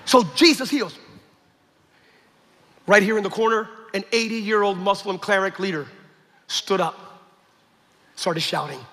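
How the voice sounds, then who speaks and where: A man preaching a sermon, telling a story with acted-out quotes and building to shouts. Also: sits high, normal speed, pauses often. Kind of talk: sermon testimony. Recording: echoey hall with long reverb.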